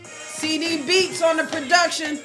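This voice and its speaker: A woman hosting a podcast, hyping and encouraging her guest in an energetic way. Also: very high-pitched, a little slow. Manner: energetic hype-calling, encouraging. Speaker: podcast host. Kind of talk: hype intro and interview chat. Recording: clear music playing behind.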